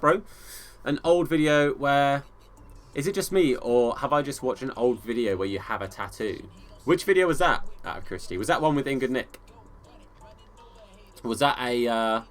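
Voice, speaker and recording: A man with an English accent streams a football game live, mixing running commentary on the match with friendly replies to his viewers. His voice sits at a middling pitch, relaxed and chummy. Faint game music plays underneath. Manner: casual, friendly, calls viewers bro and mate. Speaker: gaming streamer.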